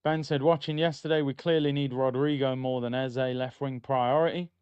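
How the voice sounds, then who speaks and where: A man's voice: medium pitch, steady tone, moderate pace, clean tone, no echo, muffled recording. A young man, casually reacting to a football match live for his stream and reading out chat messages. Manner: casual, reacts loudly to chances, reads out chat. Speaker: watchalong streamer. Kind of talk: live football watchalong commentary. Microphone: streaming mic.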